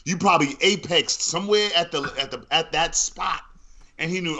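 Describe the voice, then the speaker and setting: A man's voice: a little high, normal speed, sharp tone. Teasing man with blunt banter. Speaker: podcast co-host. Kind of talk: casual chat.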